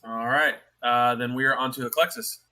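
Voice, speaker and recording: A man's voice: medium pitch, fairly even intonation, normal speed, sharp tone. A man narrating as dungeon master in a tabletop game, in a loose style full of fillers.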